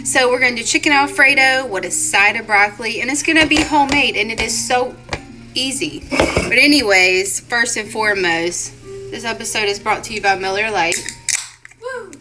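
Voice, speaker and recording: A woman's voice: a little high, normal speed, music in the background, low-quality recording. Chatty woman cooking at home. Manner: chatty, addresses viewers as y'all and guys. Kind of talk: casual cooking vlog. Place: home kitchen.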